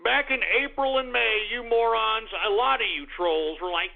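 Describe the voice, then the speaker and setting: A man with a high, gravelly voice rants as host of an internet radio show, cursing and sighing in frustration. His voice comes through thin and tinny, like a phone line. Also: normal speed, hardly any pauses. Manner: exasperated, cursing, with repeated sighs. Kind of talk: ranting call-out monologue.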